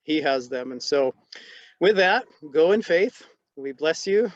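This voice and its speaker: A pastor closing a casual chat with a gentle, encouraging blessing, halting with fillers. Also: male voice, on the high side, expressive, dry recording. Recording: dull dry lo-fi audio.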